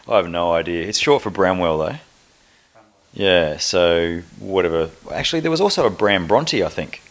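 A middle-aged man from South Australia with an Australian accent, an army officer telling his story in a relaxed, matter-of-fact way as a podcast guest. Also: deep voice. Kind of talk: podcast interview.

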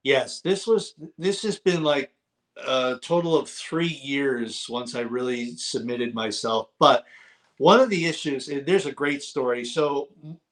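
A middle-aged man guesting on an interview show, talking in a casual, lively storytelling way. His voice sits at an everyday middle pitch, and he often repeats a word to drive it home. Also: unhurried. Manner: animated storyteller, repeats words for emphasis. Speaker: guest author.

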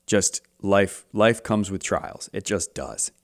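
A man's voice: low-pitched, animated, slow pace, vocal fry. A man co-hosting a faith podcast, chatting casually and playfully as a self-described devil's advocate, often restarting his sentences. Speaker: podcast co-host. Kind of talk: casual chat.

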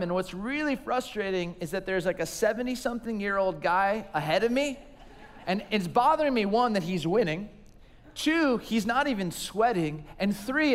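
A man's voice: sits high, a bit bright. A man preaching a sermon, telling stories about himself with self-deprecating humor. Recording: long reverb of a large hall.

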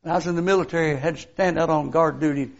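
An older man preaching a sermon, telling folksy stories and swinging from hushed asides to loud exclamations. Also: fairly high pitch, fairly even intonation, racing, gravelly, highs cut off.

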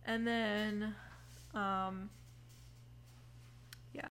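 A woman's voice: mid-range voice, flat delivery, drawn-out words, a bit bright. A woman in her twenties hosting a casual podcast, rambling with lots of fillers, yawning now and then and swearing casually. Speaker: podcast host. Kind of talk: casual chat. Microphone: headphones on, recording mic.

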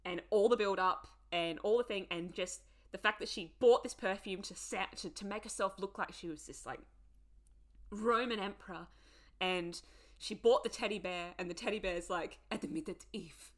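A woman co-hosting a podcast in casual chat, gushing and excitable, laughing often. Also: mid-range voice, normal speed. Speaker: podcast co-host.

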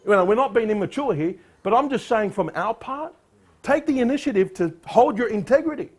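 A man preaching a sermon, reading scripture aloud in a declamatory voice and urging his listeners with sharp, rising emphasis. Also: sits high, expressive, fairly quick, husky. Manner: reads scripture in a louder, declamatory voice. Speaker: pastor.

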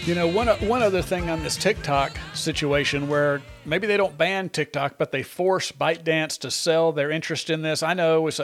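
A man with a somewhat raised pitch hosts a political talk show. He talks in an animated, sarcastic way, leaning hard on his points. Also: normal speed, hardly any pauses, faint music behind. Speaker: radio talk show host. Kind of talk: opinionated political commentary.

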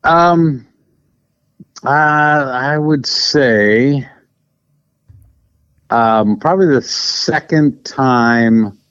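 A man's voice: medium pitch, fairly bright tone, smooth, dry recording. A man from Wisconsin answering questions in an interview, hesitant and full of "um" and "kinda.". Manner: hesitant, many fillers, "kinda". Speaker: interview guest. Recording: dry, dull lo-fi sound.

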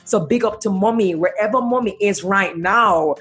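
A woman's voice: mid-range voice, moderate pace, a bit bright, soft background music. A woman hosting an interview, chatty and full of fillers as she asks questions. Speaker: interview host. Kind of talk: conversational interview.

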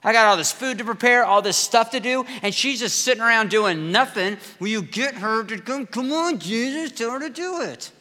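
Man putting on a fretful overworked woman, whiny, pleading, high-pitched, bright, long reverb. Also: moderate pace, few pauses. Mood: exasperated.

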